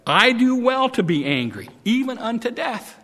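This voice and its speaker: A man's voice: high-pitched, expressive, takes it slowly, a bit bright, husky, voice pushed up, heavily acted. A man acting out a whiny, self-pitying biblical prophet in a sermon, stammering his complaints. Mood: whining. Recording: long hall reverb.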